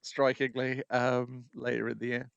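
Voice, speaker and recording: A man's voice: medium pitch, completely flat delivery, unhurried, creaky, clear, resonant tone, dry recording, highs cut off. A man hosting a podcast, talking casually and hesitantly with many ums. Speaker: podcast host. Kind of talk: casual chat.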